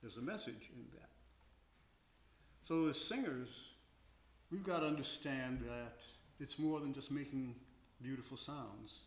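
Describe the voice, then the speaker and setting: Slow, reflective older man in a roomy hall. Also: medium pitch. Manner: reflective, slow, sings short examples to illustrate. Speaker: veteran opera tenor and voice teacher. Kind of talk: stage Q&A talk on singing. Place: concert house stage.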